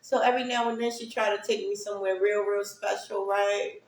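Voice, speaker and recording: A woman's voice: mid-range voice, fairly even intonation, a little fast, slight background noise. A woman casually telling a personal story to her viewers, chatty and often checking in with "right?". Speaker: speaker sharing personal stories. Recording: roomy echo.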